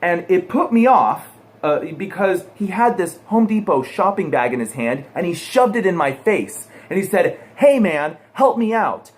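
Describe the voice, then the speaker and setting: A man's voice: high-pitched, moderate pace. A man from the United States telling a personal anecdote to his viewers, acting out the people in it. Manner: animated storyteller, acts out quotes. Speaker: pool guy vlogger. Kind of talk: personal anecdote told to camera.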